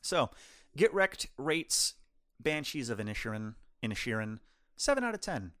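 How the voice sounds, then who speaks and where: A man's voice: medium pitch, normal speed. Guy hosting a movie podcast, voice bounces all over, loose chatty storytelling. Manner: rambling storyteller, lively and chatty. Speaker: podcast co-host reviewing films. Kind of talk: casual chat.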